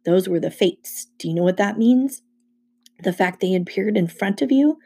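A woman's voice: mid-range voice, animated, normal speed, warm tone, slightly rough. A woman voicing a jittery teenage satyr boy, half goat, who blurts things out defensively. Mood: uneasy.

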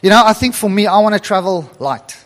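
Brisk and animated, a middle-aged preacher with a high voice moves through his sermon, chuckling between passages of scripture. A long church-hall reverb trails his voice.

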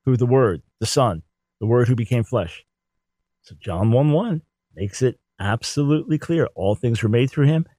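A man's voice: a little high, no echo. A man giving an emphatic theology teaching talk, repeating words to drive points home. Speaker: Bible teacher.

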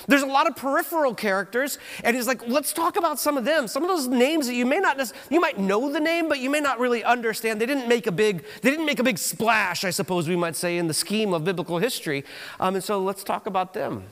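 A man preaching a sermon in a church, telling stories in an animated way with frequent restarts. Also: extremely high pitch, long reverb tail. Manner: animated storytelling, halting restarts. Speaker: pastor. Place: church auditorium.

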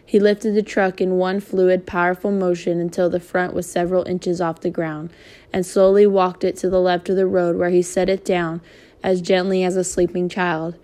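A woman reading a novel aloud in a steady, even manner. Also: on the low side, normal speed. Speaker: reader.

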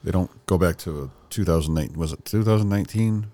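A man's voice: low-pitched, brisk. A man co-hosting a casual coffee chat, joking around and acting out little voices. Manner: joking, acts out voices, animated. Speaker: podcast co-host reviewing coffee.

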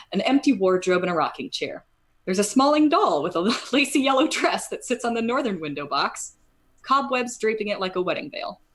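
A woman narrating a tabletop horror game as game master. She describes each scene in a rambling way and corrects herself as she goes. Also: on the low side.

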